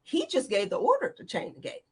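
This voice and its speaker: A woman in her forties, a guest in an interview, retelling a frightening escape in an animated, tumbling way, full of quoted dialogue. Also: high-pitched, a little fast, husky. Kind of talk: emotional personal account.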